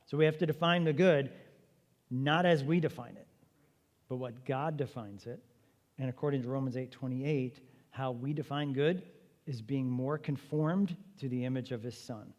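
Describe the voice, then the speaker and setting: A man's voice: medium pitch, moderate pace, darkish tone. A man teaching an apologetics seminar at a church, talking conversationally and emphatically with rhetorical questions. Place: church meeting room. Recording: long reverb of a church hall.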